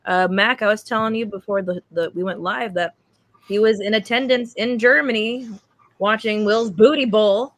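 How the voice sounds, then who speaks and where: A woman's voice: medium pitch, steady tone, moderate pace. A woman co-hosting a sports podcast in casual chat, frank and joking with crude language, talking while eating. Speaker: podcast co-host. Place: restaurant, eating.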